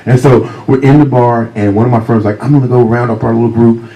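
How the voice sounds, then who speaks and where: A man with a deep voice telling humorous anecdotes as a guest author at a library talk, speaking close to a handheld mic. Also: steady tone, fast talker, rough recording. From Virginia, USA. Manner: warm, humorous anecdotes, often laughing. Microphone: handheld mic close to mouth.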